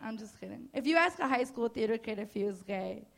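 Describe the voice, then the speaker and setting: High-voiced crude comedienne. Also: female voice, animated, a little fast, creaky. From New Jersey, US. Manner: casual, crude, self-mocking, with hesitant fillers. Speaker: stand-up comedian. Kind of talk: stand-up comedy set. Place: comedy club stage.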